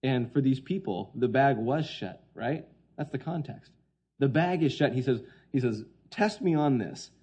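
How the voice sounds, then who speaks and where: A man preaching a sermon, swinging between hushed quoted lines and loud, emphatic points. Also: mid-range voice, animated, a little slow, husky, muffled recording.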